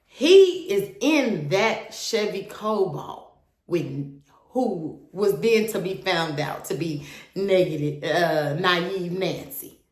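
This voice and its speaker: A woman's voice: on the low side, expressive, slow pace. A young woman animatedly telling her own story to viewers, candid and swearing freely. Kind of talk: casual storytime monologue. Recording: roomy echo.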